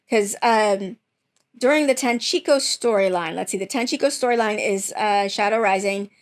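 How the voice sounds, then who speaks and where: A woman hosting her channel, chatting casually at home about viewer theories, rambling with many fillers and restarts. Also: a little high. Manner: rambling, lots of fillers and self-corrections. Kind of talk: casual reaction chat.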